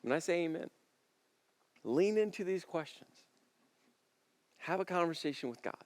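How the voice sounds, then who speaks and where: A man preaching a sermon as pastor, talking conversationally and building to emphatic, forceful peaks. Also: a little high, animated, moderate pace. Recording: long reverb of a large hall.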